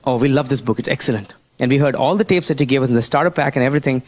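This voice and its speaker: A man voicing an eager new male business recruit who rambles on with enthusiastic praise, in a somewhat lower voice than his own. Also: rapid-fire, lightly acted. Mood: gushing.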